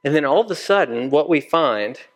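A man's voice: a little high, expressive, normal speed. A man preaching a sermon in a conversational storytelling way, acting out the dialogue of the people in his story. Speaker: pastor.

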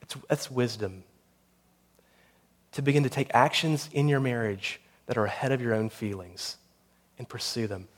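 This sermon comes from a man, the pastor, speaking mid-range at ordinary speed. He works up to gripping, intense stories and finishes with a soft prayer.

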